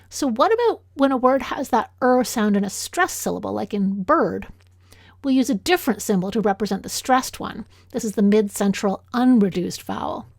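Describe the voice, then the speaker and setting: A woman with a Canadian accent, a linguistics instructor reading a lecture in a clear, measured way, slowing down to sound out example words. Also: fairly high pitch, no room sound, clean studio sound. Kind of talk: scripted lecture narration.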